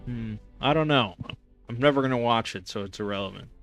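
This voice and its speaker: A man's voice: medium pitch, a little fast, creaky, fairly bright tone, faint music behind. A young man hosting a casual gaming stream, rambling sarcastically with lots of fillers and restarts.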